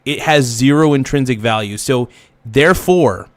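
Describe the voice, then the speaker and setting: A man of middle pitch rants through an angry reaction video. He swears freely, repeats himself and keeps building his outrage. The sound is dry and close. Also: moderate pace, no echo. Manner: heated, profane, ranting with repeated phrases.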